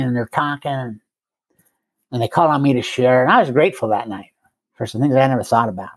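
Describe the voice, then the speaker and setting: Older man, guest storyteller, mid-pitched, wry and self-deprecating, dry close sound. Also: no room sound. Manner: wry, self-mocking humor with frequent chuckles. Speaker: guest sharing recovery story. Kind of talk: conversational storytelling.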